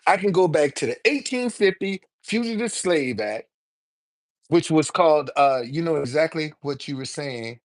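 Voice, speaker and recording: Speaking at normal speed in a low, expressive voice, a seventy-something woman hosts a live stream and fields viewer comments. Her delivery is heated and repetitive, laced with cursing and stammered restarts.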